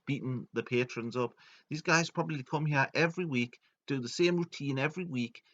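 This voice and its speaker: A man tells a joking story and slips into goofy voices for the people he quotes. His tone is bright and forceful, at an ordinary pitch. The recording sounds a little dull and lo-fi. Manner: jokey, puts on silly voices for quoted characters. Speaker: video narrator. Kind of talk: comedic storytelling.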